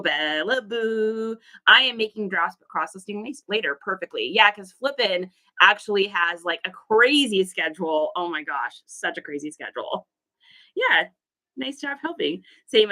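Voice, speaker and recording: A woman's voice: medium pitch, bright, forceful tone. A woman hosting a casual livestream as a reseller, chatty and laughing often as she greets viewers by name. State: allergies, puffy eyes.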